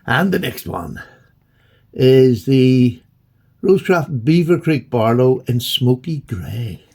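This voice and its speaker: A gravelly, husky man, talking in an excitable, gushing way. He chats casually and warmly straight to the viewer, as though showing off a collection. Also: mid-range voice, takes it slowly. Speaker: knife collector vlogger. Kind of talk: casual unboxing chat.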